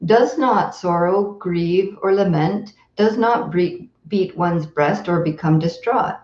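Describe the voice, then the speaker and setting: A woman teaching meditation in a slow, gentle dharma talk, with tender pauses between her phrases. Her voice is mellow and soft-edged. The recording is roomy and a little dull, as if from a simple home stream. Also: lowish voice. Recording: roomy echo, dull lo-fi sound.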